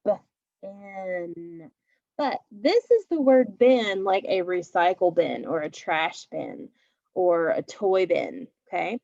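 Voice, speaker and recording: A woman teaching phonics to young children, slowly and patiently sounding out each letter. The recording is dry and a little dull. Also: fairly low pitch, lively intonation, gravelly, a little mellow, no room sound.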